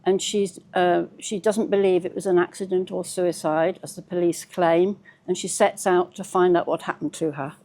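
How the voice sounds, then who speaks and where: A woman author reading aloud from her own novel in a measured, steady storytelling manner. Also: on the low side.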